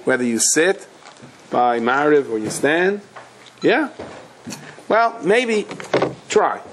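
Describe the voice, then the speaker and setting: A man teaching a Torah class as a rabbi, telling stories in a conversational way and scattering Hebrew and Yiddish terms through his English, his pitch climbing when he presses a point. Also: lively intonation, slow pace, fairly bright tone, slight background noise, rough recording. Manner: conversational storyteller, rises in pitch when driving a point home.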